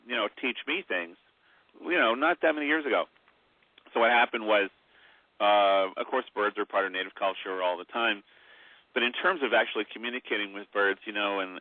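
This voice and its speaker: A man's voice: lowish voice, dry recording. A man, an author guest on a phone-in radio interview, telling long rambling stories with many fillers. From Mi'kmaq heritage. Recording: tinny phone line.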